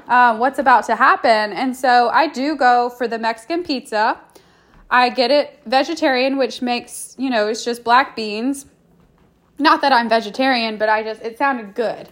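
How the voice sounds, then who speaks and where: A young woman chats casually, rambling through a story with plenty of fillers and restarts. Her voice sits a little high for a woman. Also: measured pace, a bit bright. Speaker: food reviewer. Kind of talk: casual chat.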